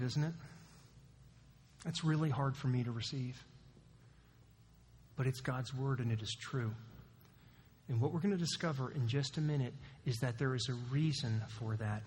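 Animated man preaching in a reverberant sanctuary. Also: medium pitch, slight background noise. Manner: animated preaching, rising emphatic questions to the congregation. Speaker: pastor. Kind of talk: sermon. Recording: long hall reverb.

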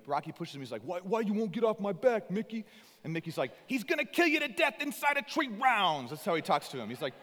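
A man preaching a sermon as an animated, conversational storyteller. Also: a little high, in a large hall. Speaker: pastor.

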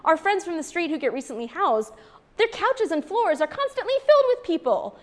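A woman in her thirties who works in street outreach gives an earnest, emphatic faith talk to a live audience, repeating phrases for stress. Her voice is very high, sing-song and brisk.

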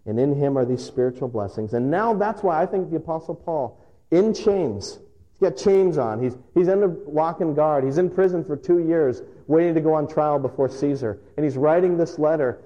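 A male pastor preaching a sermon, telling stories with emphatic pauses. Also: on the high side, animated, dark tone, lo-fi sound. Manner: storytelling, emphatic with dramatic pauses.

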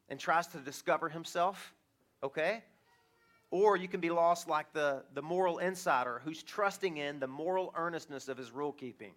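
A middle-aged man preaching a sermon as pastor, animated and chuckling, acting out the voices he quotes. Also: fairly high pitch.

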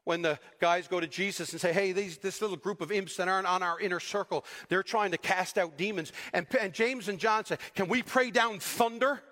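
A man preaching a sermon with animated delivery, acting out the people he quotes. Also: sits high, a little fast, hardly any pauses, big-room sound. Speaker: pastor.

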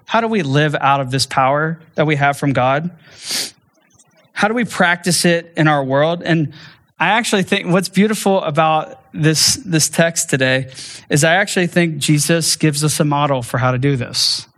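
A man's voice: on the high side, moderate pace, a bit bright. Conversational male pastor preaching. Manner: conversational, self-correcting, playful asides. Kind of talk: sermon.

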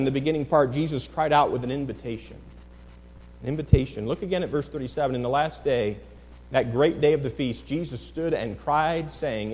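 A male pastor preaching to his congregation, moving from quiet conversational asides to loud, impassioned outbursts and reading scripture in King James wording. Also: mid-range voice, breathy edge. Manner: reads scripture aloud in old-fashioned King James wording. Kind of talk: sermon. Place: church sanctuary with a congregation. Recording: long church reverb.

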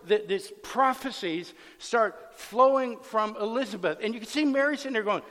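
A man's voice: very high-pitched, animated, moderate pace, hardly any pauses, fairly bright tone. A man preaching a sermon as pastor, conversational and emphatic, acting out the scenes he explains, in a long hall reverb.

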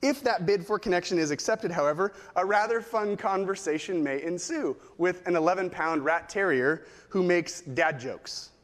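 A man's voice: sits high, moderate pace, hardly any pauses. A middle-aged man preaching a sermon as pastor, telling stories and acting out quotes. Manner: storytelling with acted quotes. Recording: long hall reverb.

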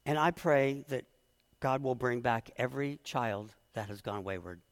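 A man's voice: medium pitch, moderate pace, big-room sound. A middle-aged man preaching a sermon as pastor, earnest and emotional, often restarting his words.

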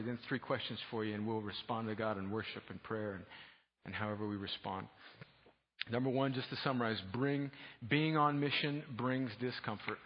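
A man preaching a sermon as pastor, casual and joking at times, rising to loud, fervent passages. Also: medium pitch. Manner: casual, humorous preaching that swells to loud fervor. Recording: dull lo-fi sound with long hall reverb.

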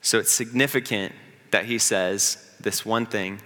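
Bright-voiced man preaching in a hall. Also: on the low side, fairly even intonation. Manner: earnest preaching, builds up and slows for emphasis. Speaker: pastor. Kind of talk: sermon.

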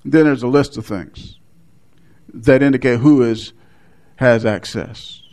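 Speaking slowly in a mid-range voice with a somewhat dark tone, a man delivers an expository sermon on a Bible passage. He often restarts his sentences and lets out short laughs.

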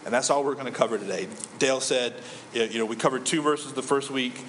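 A man's voice: mid-range voice, a little fast, fairly bright tone, a little hiss or hum. A man in his thirties preaching a sermon as a pastor, conversational, often asking the audience questions. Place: church hall. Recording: echoey church hall.

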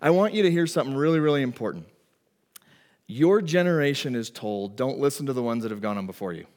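A middle-aged man preaching a sermon as pastor, telling stories in an animated, emphatic way. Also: mid-range voice, quick pace, long reverb tail.

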